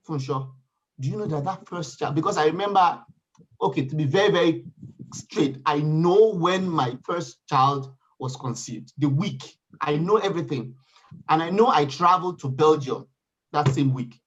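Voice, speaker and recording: Man, panel guest, animated storyteller, fairly high voice, dull lo-fi recording. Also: moderate pace. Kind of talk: casual panel chat, personal story. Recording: dull lo-fi sound.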